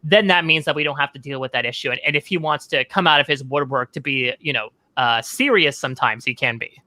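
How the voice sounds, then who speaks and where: Bright-voiced talky young man. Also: medium pitch, no room sound. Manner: quick, articulate, lots of "like". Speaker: podcast guest, reality TV writer. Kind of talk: casual podcast discussion.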